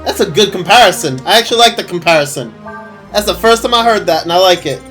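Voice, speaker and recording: Bright, gushing young-sounding man streamer. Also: high voice, fast talker. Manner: gushing, excitable, laughs often. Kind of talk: casual gameplay stream chat. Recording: faint game music behind.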